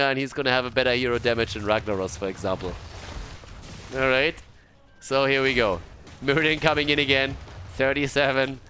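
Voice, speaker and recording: A man casting an esports match play-by-play, excitable and laughing often, with casual swearing. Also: fairly high pitch. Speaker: esports caster. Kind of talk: play-by-play commentary.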